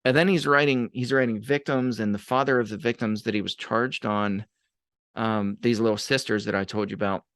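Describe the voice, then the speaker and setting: A man's voice: lowish voice, dry recording, studio quality. A man, a podcast guest, telling stories in casual conversation and acting out the voices of people he quotes. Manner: animated, acts out quoted voices. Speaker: podcast guest, abuse advocate.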